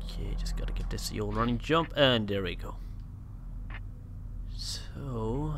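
A man joking his way through a video game, muttering quietly, then breaking into excited outbursts. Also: mid-range voice, normal speed, slight background noise. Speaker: gameplay commentator. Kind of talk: let's play commentary.

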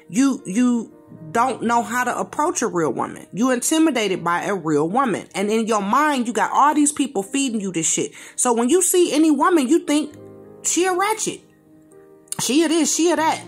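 Reacting to a video, this commentator rants bluntly in slang-heavy, informal speech and repeats phrases to drive her points home. Her voice is a little high and fairly bright in tone.

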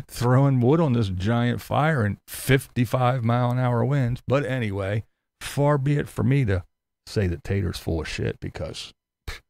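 A man with a gravelly, fry-laden voice hosts a live-stream commentary. He rants in a sarcastic, mocking way, swears freely and laughs often. His voice sits close and dry, with no room around it. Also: medium pitch, a little mellow, no echo. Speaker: YouTube commentary host reading live chat.

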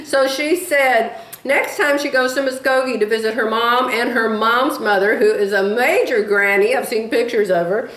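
A woman's voice: a little high, normal speed, a bit bright. A woman in her sixties telling rambling stories in a casual vlog, chatty and drifting off topic, laughing at herself. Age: 60s. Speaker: beading vlogger. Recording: echoey room.

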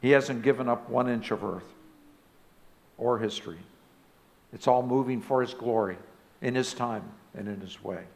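A man preaching a sermon as pastor of a church. He speaks emphatically and rises now and then to loud exclamations. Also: medium pitch, moderate pace, vocal fry, long pauses. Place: church sanctuary.

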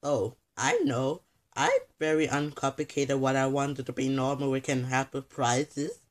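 A man's voice: mid-range voice, sing-song, a little slow. A man rambling goofily through a homemade toy skit as narrator and main performer. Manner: rambling and goofy, slipping in and out of voices. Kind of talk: playful improvised skit.

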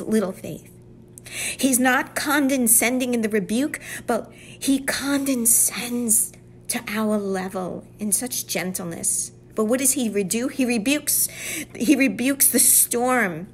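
An earnest woman teaching from the Bible, her voice pitched a little high. She leans into key words and often sinks to a soft whisper for emphasis. A faint rumble runs under the recording. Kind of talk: devotional teaching.

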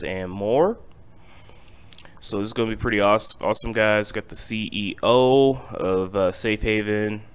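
A man hosting a casual crypto market update, talking in a low-key, sleepy near-monotone and chuckling lightly now and then. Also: smooth. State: not fully awake. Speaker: crypto channel host.

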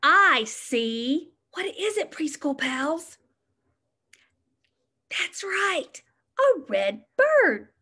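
A woman's voice: very high-pitched, big pitch swings, extremely slow, pauses often, bright, forceful tone. A woman preschool teacher reading a picture book aloud to young children, sing-song and encouraging, stopping to ask them questions.

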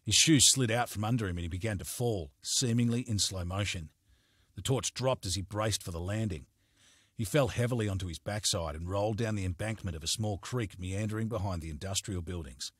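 A man narrating a crime novel as an audiobook in a steady, measured storytelling manner, recorded on a close studio mic. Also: on the low side, slightly rough, no room sound.

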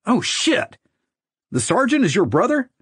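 A man's voice: on the high side, expressive, a little fast, no room sound, studio quality, voice pushed up. A man doing a brash, profane young army recruit. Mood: shouting angry. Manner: shouting, rough and accusatory.

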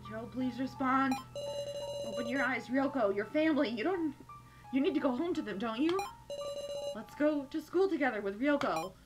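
A woman's voice: high voice, expressive, normal speed. Woman reading as a desperate pleading young woman. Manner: pleading, earnest. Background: loud game music.

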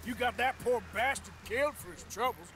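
A man voicing a weary, gruff frontier outlaw who grumbles in a dry, sardonic way. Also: extremely high pitch, brisk. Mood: exasperated. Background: game music.

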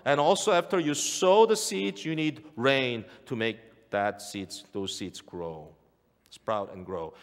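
A male pastor preaches in a church sanctuary with a medium-pitched, very animated voice, moving slowly through his words. He's emphatic and repeats key phrases for weight. The church hall gives the audio a long reverb.

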